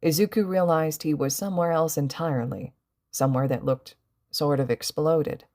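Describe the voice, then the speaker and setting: A woman reading fan fiction aloud as a podfic narrator, with steady, even storytelling. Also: sits low, normal speed. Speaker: podfic reader.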